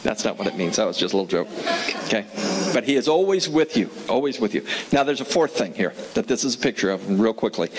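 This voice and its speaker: A man's voice: fairly low pitch, expressive, quick pace, a little hiss or hum, rough recording. Conversational male pastor preaching. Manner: conversational, asks the audience questions; repeats key phrases for emphasis. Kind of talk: sermon.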